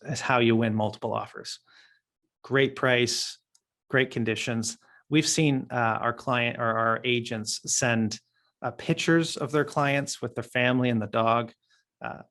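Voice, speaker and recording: A man's voice: mid-range voice, fairly bright tone. Chatty man coaching real estate agents. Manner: conversational, acts out client dialogue with fillers. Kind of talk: training session for new agents.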